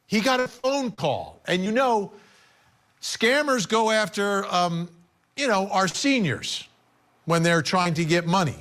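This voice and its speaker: A man's voice: high-pitched, expressive, takes it slowly, a bit bright. A man hosting a legal news program, recounting a case in a conversational, emphatic way. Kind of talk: broadcast news commentary.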